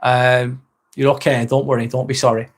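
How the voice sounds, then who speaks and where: A man's voice: mid-range voice, little pitch movement, normal speed. Chatty man in his forties, streaming live. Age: 40s. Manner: chatty, swears casually, reads viewer comments aloud. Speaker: livestream host. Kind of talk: casual live chat reading comments.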